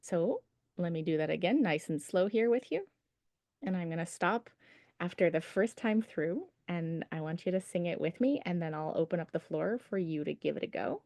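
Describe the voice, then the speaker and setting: A woman's voice: fairly low pitch, animated, moderate pace, a little mellow, no room sound, studio quality. A woman teaching a traditional singing class over a video call, patient and encouraging as she explains pronunciation. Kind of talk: online singing lesson. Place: home setup on a video call.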